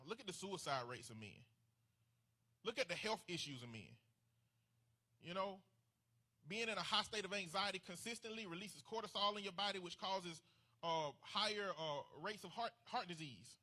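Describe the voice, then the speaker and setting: A man's voice: sits high, lively intonation, normal speed, bright, forceful tone. A man speaking earnestly and emphatically about men's emotions, sometimes repeating words as he talks. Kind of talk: casual opinion talk.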